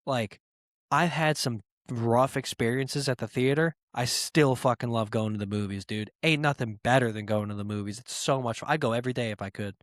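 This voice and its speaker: A man's voice: mid-range voice, brisk, no echo, studio quality. A man hosting his own podcast, ranting comically and profanely about a rude moviegoer, mocking people in quoted voices. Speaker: podcast host. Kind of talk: solo comedic rant.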